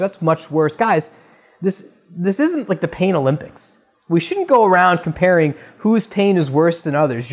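A man, a pastor giving a conversational, earnest sermon and often calling his listeners "guys". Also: fairly high pitch.

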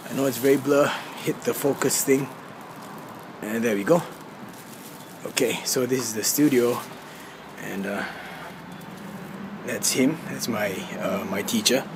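Young man, casual vlog host, rambling delivery, fillers, handheld camera sound with steady background noise. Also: medium pitch, a little slow, long pauses. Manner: rambling, with many fillers and restarts. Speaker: vlogger, dancer. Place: hotel room, then a cold street at night.

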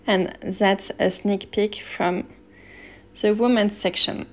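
A woman's voice: mid-range voice, slow pace. A woman narrating a shopping vlog as a personal shopper and stylist, chatty and enthusiastic. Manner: relaxed, chatty, enthusiastic about pieces. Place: Paris shops and rooftop.

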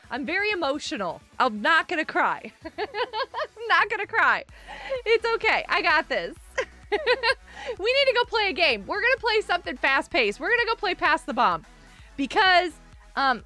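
A woman's voice: sits high, sharp tone. A young woman hosting a casual gaming livestream, chatting to her viewers and laughing often. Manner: bubbly, chatty, laughs often, talks to chat. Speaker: livestream host.

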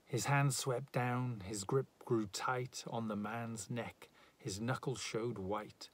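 A man reads a narrative poem aloud at an unhurried pace. His voice sits at a medium pitch, and he gives each line a measured, dramatic weight. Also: fairly even intonation, no room sound. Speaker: reader.

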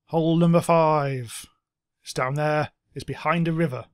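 A man giving casual let's-play commentary, excitable, swearing a lot and making silly sound effects. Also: fairly high pitch, moderate pace, no echo, clean studio sound. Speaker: gameplay commentator.

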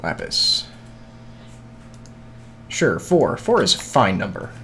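A man's voice: fairly low pitch, wildly swooping pitch, takes it slowly, vocal fry, pushed and bright, slight background noise. A man streaming a video game, muttering to himself in casual, scattered chatter with frequent swearing and hiccups.

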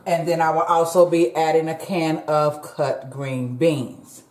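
A cooking channel host, a woman with a low, level voice, chats unhurriedly with viewers from her kitchen in a home cooking vlog, addressing them directly as "y'all." The recording has a roomy echo and background noise.

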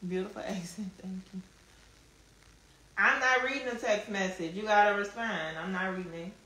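Bright-voiced woman. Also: medium pitch, moderate pace. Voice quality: strong Southern drawl, relaxed slang. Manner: chatty, answers comments, laughs often. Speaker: livestreamer chatting with viewers. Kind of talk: casual live stream chat. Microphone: phone. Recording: echoey room, faint background hum.

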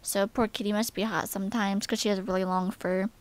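A woman's voice: mid-range voice, little pitch movement, brisk. A young woman vlogging casually, rambling with lots of "like" and "um". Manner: rambling, many "like" and "um" fillers; gushing baby talk to pets. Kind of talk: casual vlog chat.

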